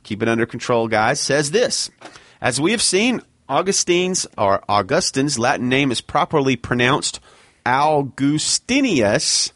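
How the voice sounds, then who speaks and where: A man's voice: medium pitch, big pitch swings, moderate pace, fairly bright tone, dry recording. Male podcast co-host, teasing, explains topics, dry studio sound. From Alabama. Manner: bantering, reads quotes aloud. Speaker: podcast co-host, segment presenter. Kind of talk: casual chat.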